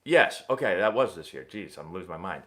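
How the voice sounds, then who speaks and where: A young man hosting a casual live stream, answering viewer questions in a rambling, animated sports-fan way. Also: sits low, brisk. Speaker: host of a live baseball Q&A stream.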